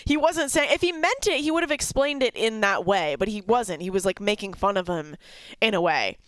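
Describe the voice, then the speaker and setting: A woman's voice: fairly high pitch, expressive, moderate pace, a bit bright, smooth, no room sound. A woman in her thirties hosting a sports podcast, chatting casually and laughing often. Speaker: podcast host.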